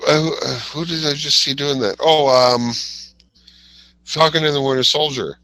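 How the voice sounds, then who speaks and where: A man's voice: fairly high pitch, steady tone, normal speed, bright, forceful tone, rough recording. A man co-hosting a casual chat, making wry, joking asides.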